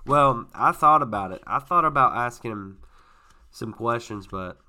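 A man co-hosting a casual podcast, self-deprecating with deadpan asides. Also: medium pitch, moderate pace. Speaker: podcast co-host. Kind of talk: casual chat.

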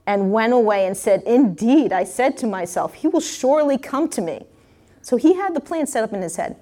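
A woman's voice: medium pitch, a little mellow. Woman preacher reading and explaining scripture. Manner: conversational asides with frequent restarts.

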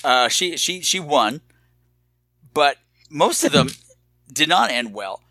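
Man, podcast co-host, campy crude comic, animated bright delivery. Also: a little high, takes it slowly, no echo. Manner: campy, crude, laughs at his own jokes; slips into put-on voices. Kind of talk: casual comedic movie chat.

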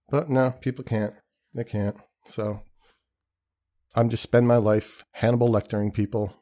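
A low-voiced man hosts a podcast, rambling through a casual comedic monologue. He swears freely, mocks himself and acts out the people he quotes. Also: fairly even intonation, unhurried, long pauses, dark tone. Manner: rambling, profane, self-deprecating. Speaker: podcast host.

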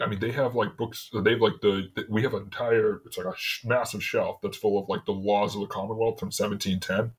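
A man's voice: fairly low pitch, fairly even intonation, a little fast, husky. A man from in casual chat, telling stories with lots of restarts and frequent laughter. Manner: rambling storyteller, laughs often, many restarts. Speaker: city worker, podcast guest.

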